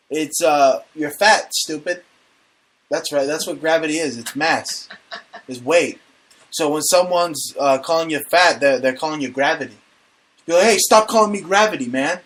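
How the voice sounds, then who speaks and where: A man's voice: a little high, lively intonation, measured pace, long pauses. A man hosting a casual comedic talk show, brash and profane, joking as he rants. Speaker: podcast host.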